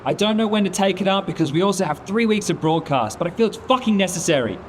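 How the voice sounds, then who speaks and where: A caster angrily scolding a colleague, swearing a lot. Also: male voice, high-pitched, expressive, fast talker, slight background noise.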